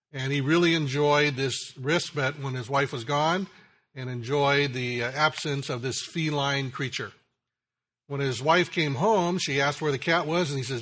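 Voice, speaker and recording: A man preaching a sermon, slow and deliberate, telling a joke story and letting his phrases drop low and quiet at the ends. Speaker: pastor.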